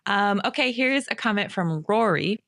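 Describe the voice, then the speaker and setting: A woman's voice: mid-range voice, expressive, moderate pace, a bit bright, dry recording, clean studio sound. A woman around forty co-hosting a podcast in casual, enthusiastic chat, laughing often. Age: about 40. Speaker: podcast co-host.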